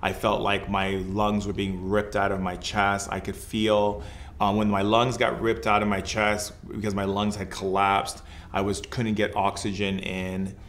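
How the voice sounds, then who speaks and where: Guy with a low, pretty monotone voice, shaman telling his story on a podcast, casual and rambly, gets quieter when it turns reflective. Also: a little slow, a little hiss or hum. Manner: casual, loose, full of "like" and "you know". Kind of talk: personal storytelling in conversation.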